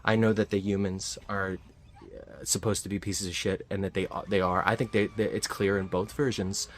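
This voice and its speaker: Rambling low-voiced movie reviewer man. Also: flat delivery, moderate pace. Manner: rambling, frequent fillers and restarts. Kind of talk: casual spoken film review.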